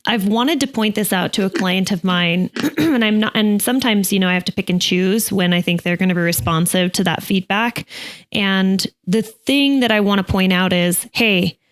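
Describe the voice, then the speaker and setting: A woman's voice: medium pitch, normal speed. A middle-aged woman co-hosting a therapy podcast, chatting casually and thinking aloud. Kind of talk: casual chat.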